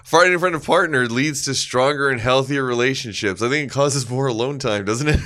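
A man's voice: medium pitch, a little fast, pushed and bright. A man co-hosting a comedic news podcast, rambling, swearing a lot and laughing often. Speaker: podcast co-host.

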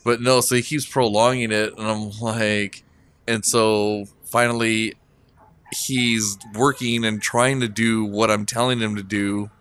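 A man's voice: fairly low pitch, flat delivery, a little slow, a bit bright, smooth. A man telling a work story in casual chat, rambling with fillers and chuckling.

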